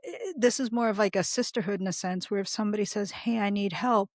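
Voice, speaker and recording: A woman's voice: medium pitch, fast talker, a little mellow, no room sound, clean studio sound. A woman co-hosting a podcast, talking frankly and plainly in casual chat. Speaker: podcast co-host.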